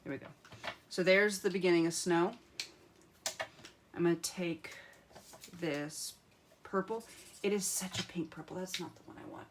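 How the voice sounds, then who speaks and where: A woman's voice: lowish voice, fairly even intonation, normal speed, pauses often, noisy background. A woman hosting a live craft tutorial, chatting to viewers as she colors and muttering to herself as she picks pens. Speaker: craft demonstrator.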